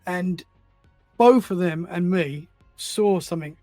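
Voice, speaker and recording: A man with a high voice and dark tone, a paranormal enthusiast guesting on a podcast, speaks slowly while telling stories in a casual, rambling way, repeating words as he finds his thread. There's no echo, with soft music in the background.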